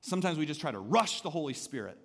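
A male pastor preaching to his congregation in a church sanctuary, his somewhat high voice ringing with the long reverb of a large hall. He talks conversationally, dropping to soft asides and then rising to emphatic calls. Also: very animated, fast talker. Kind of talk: sermon.

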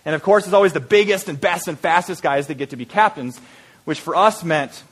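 A man preaching a sermon, telling a lively story and then making earnest, quiet appeals. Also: on the high side, a little fast, breathy edge. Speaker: pastor.

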